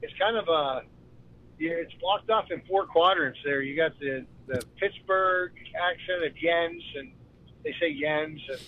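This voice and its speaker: A male caller phones in to a talk show and talks in a relaxed, friendly way, pausing on "uh" as he goes. His voice sits a bit high, and it comes through a muffled, lo-fi line. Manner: laid-back, friendly, hesitant with fillers. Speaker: call-in guest. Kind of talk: casual phone-in chat.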